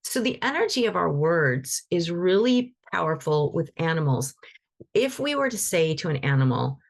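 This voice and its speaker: A woman's voice: lowish voice, very animated, normal speed, gravelly. A woman teaching animal Reiki in a live online session, talking loosely and conversationally with frequent restarts.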